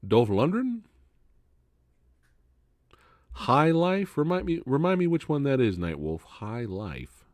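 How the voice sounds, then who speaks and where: A man hosting a live Q&A stream, chatting casually, swearing freely and laughing loudly. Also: medium pitch, very animated, measured pace, no room sound, studio quality.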